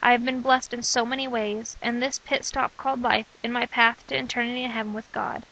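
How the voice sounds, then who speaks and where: A young woman reading aloud from her own diary in an earnest, steady way. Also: a little high, fairly quick, vocal fry, lo-fi sound. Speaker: narrator of own testimony.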